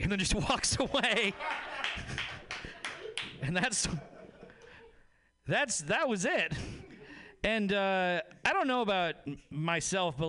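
A man performing a crude stand-up comedy set, telling an animated story and acting out the people in it. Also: on the high side, slight background noise.

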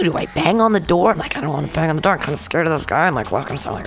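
A woman hosting a radio talk show tells a lively story and acts out each quoted line. Her voice sits low and has a gravelly fry. Soft music plays faintly behind her. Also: fast. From San Francisco. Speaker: radio station host. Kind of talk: casual storytelling chat.

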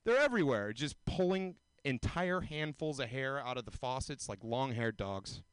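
A man in his twenties performing a self-mocking stand-up set, often jumping into high mocking voices. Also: expressive, normal speed, clear, resonant tone, no echo. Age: 20s. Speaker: stand-up comedian.

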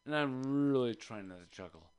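A man's voice: mid-range voice, expressive, normal speed, darkish tone. A man casually telling a long, rambling story on a radio show, swearing freely and slipping into voices for the people in his story. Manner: rambling, profane, acts out voices in his stories.

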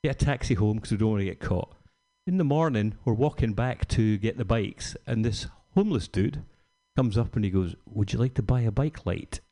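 A man's voice: lowish voice, lively intonation, normal speed, warm tone. A man doing a stand-up set, telling a rambling, profane anecdote and acting out the quotes. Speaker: stand-up comedian.

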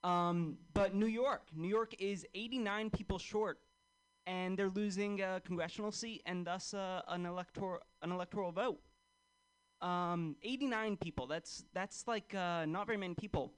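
A man doing stand-up comedy on a club stage, in a dry, mock-excited manner. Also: sits high, moderate pace, clear, resonant tone, low-quality recording.

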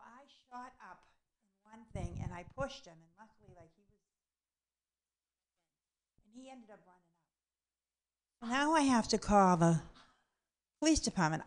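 Blunt, profane woman telling a comic story. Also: on the high side. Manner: blunt and profane, acts out the voices in her story. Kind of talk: comedic personal story told aloud.

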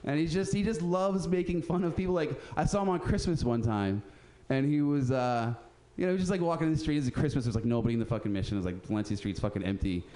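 A man's voice: a little high, fast talker, few pauses, warm tone. A man hosting a radio show, telling street stories in a casual, profane way and acting out the people he quotes. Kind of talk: casual storytelling chat.

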